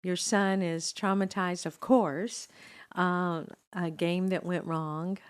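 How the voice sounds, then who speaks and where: A woman's voice: on the low side, steady tone, takes it slowly, clean tone. A woman hosting an interview conversation, summarizing and prompting her guests. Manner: brief affirming interjections, summarizing. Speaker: host.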